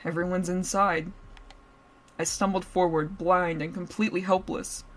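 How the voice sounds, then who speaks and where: Reading a story to her stream at normal speed, this woman has a fairly low voice with little pitch movement. She giggles playfully and stops to joke with her viewers along the way. Slight background noise can be heard.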